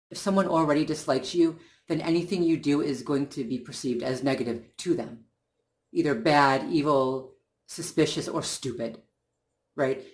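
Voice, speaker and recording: Earnest, indignant man, higher voice. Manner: earnest and indignant, talking things through with frequent restarts. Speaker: channel host. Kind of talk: casual monologue.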